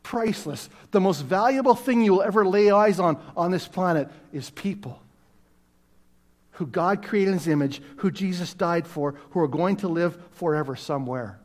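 A middle-aged male pastor with a fairly high voice preaches to his congregation in a relaxed, storytelling way, slipping in self-deprecating jokes. His words ring out with a long reverb from the church hall. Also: moderate pace. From Canada. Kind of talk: sermon. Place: church sanctuary.

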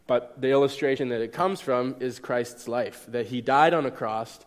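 A man's voice: medium pitch, normal speed, few pauses. A young man preaching a sermon in a conversational way, often checking in with his listeners. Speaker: pastor. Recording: echoey hall.

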